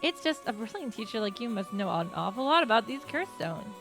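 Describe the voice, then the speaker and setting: A woman's voice: a little high, big pitch swings, fairly quick, music in the background. A woman voicing a polite young female student in a game, speaking courteously and pleadingly.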